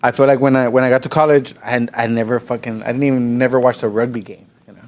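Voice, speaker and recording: A man's voice: medium pitch, little pitch movement, fast talker, darkish tone. A man guest on a podcast, telling stories in loose, profane casual chat and now and then slipping into Spanish. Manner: profane, rambling, slips into Spanish.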